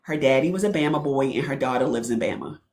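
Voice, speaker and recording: A woman's voice: a bass voice, animated, fast talker, darkish tone. A woman from Baltimore hosting a podcast, asking audience questions and affirming her guest's answers. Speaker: podcast host. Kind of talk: casual interview chat. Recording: roomy echo.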